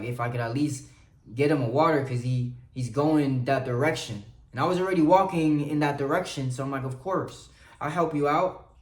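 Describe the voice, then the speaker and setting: Earnest man preaching faith, roomy echo. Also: mid-range voice. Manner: earnest, preachy, swings between soft confiding and loud urging. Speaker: motivational vlogger. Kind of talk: spiritual motivational monologue.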